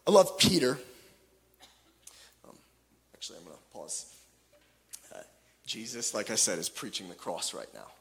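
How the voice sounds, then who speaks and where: A man preaching a sermon with passion, swinging from loud pleading to hushed tones, with joking asides. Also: lowish voice, wildly swooping pitch, normal speed, creaky, pauses often, breathy edge. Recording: long hall reverb.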